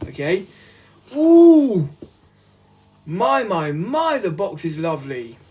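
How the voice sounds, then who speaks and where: A man from the UK chatting casually through an unboxing vlog, rambling and easily excited. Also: on the high side, a little slow, slight background noise. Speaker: vlogger.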